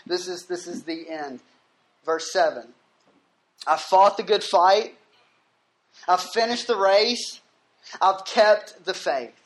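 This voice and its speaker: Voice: mid-range voice, fairly bright tone. A pastor preaching a sermon at a gathering on a university campus, reading scripture aloud and explaining it, with frequent "right?" checks.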